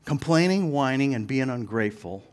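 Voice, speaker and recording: A middle-aged man preaching a sermon in a church, telling funny stories with lively acted-out voices and laughter. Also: medium pitch, normal speed. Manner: animated storyteller, laughs while telling, acts out voices. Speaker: pastor. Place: church sanctuary.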